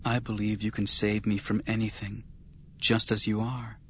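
A gentle, loving young woman senator read by a man in a fairly low voice, calm and reassuring. The lo-fi audiobook sound is dull and carries a faint hiss. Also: normal speed, lightly acted. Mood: tender.

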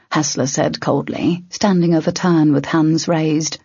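A woman narrates a fantasy audiobook at a measured, even pace. Her voice is low and very breathy. The recording is dry and somewhat dull, like lo-fi home audio. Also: dry recording. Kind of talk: scripted narration.

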